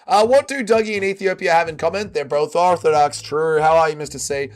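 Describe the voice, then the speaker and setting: Reading out his chat's comments on a casual livestream, the Australian host trades blunt, crude banter. He speaks briskly in a slightly high voice that sounds worn and sore.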